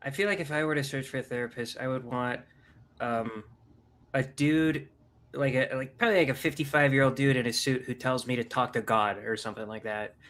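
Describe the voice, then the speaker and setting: A man in a casual podcast conversation, relaxed and dryly sarcastic, swearing now and then. His voice has an ordinary middle pitch for a man. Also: a little fast. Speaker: podcast co-host. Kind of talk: casual chat.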